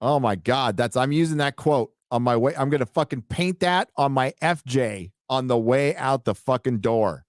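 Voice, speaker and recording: A middle-aged man hosting a casual late-night livestream, rambling, swearing and excitedly reading viewer donations aloud. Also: mid-range voice, normal speed, hardly any pauses, no room sound, clean studio sound. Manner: rambling, profane, excitable, reads donor messages aloud. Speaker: livestream host reading super chats.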